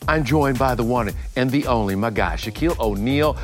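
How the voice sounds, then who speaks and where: A man hosting a TV interview in a lively, teasing, hyped-up way. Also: mid-range voice, moderate pace, loud music behind the voice. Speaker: show host. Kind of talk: upbeat TV interview.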